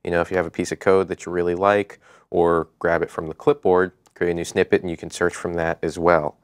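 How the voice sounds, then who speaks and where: A man's voice: deep voice, flat delivery, brisk, smooth, no room sound, clean studio sound. A man co-hosting a web development show, talking through tools in an enthusiastic, conversational way. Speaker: co-host. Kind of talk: casual tech show chat.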